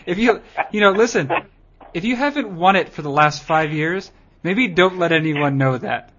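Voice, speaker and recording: A man's voice: sits high, normal speed, a bit bright, lo-fi sound, slight background noise. A man hosting a podcast, chatting casually in a dry, teasing, rambling way. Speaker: podcast host.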